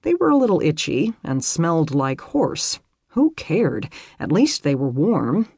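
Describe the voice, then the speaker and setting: An audiobook narrator reading a romance novel in an expressive, lively storytelling manner. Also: mid-range voice, a little slow, creaky, breathy edge, no room sound, studio quality.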